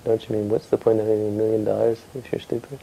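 Gravelly mellow guy telling a story to a family, chatty, keeps asking the listeners stuff. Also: fairly low pitch, monotone, fast talker, a little hiss or hum, rough recording. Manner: conversational, asks the listeners questions, frequent restarts.

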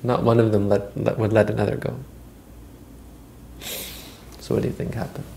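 A man's voice: fairly low pitch, little pitch movement, normal speed, gravelly, background noise. A man retelling a Buddhist story as a teacher, in a conversational way with frequent restarts.

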